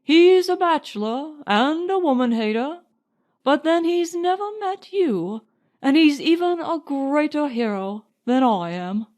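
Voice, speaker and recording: A woman's voice: sits high, lively intonation, measured pace, darkish tone, voice pushed up. A woman reading an audiobook voices a playful young army captain with a British accent, mock-formal and joking. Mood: teasing.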